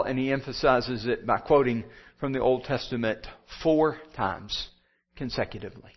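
A man's voice: mid-range voice, fairly even intonation, moderate pace, highs cut off. A pastor giving a sermon, building his points through repeated phrases and rising appeals.

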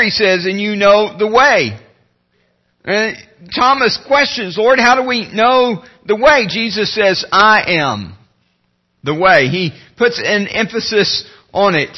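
High-voiced pastor preaching a sermon. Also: male voice, lo-fi sound. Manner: earnest preaching, slows and drops low when reading scripture. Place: church sanctuary.

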